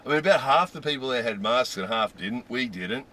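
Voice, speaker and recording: A man casually telling a story in an animated way, laughing and restarting when excited. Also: mid-range voice, a little fast. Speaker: vlogger.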